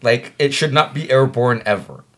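A man's voice: medium pitch, moderate pace. A man hosting a casual podcast, reading odd news stories aloud in a laid-back, crude way. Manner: laid-back, says dude a lot. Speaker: podcast host.

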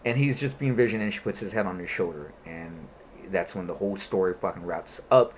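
Animated, profane man retelling a comic. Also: low voice, a little fast, slight background noise. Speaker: comic book reviewer. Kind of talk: casual chat.

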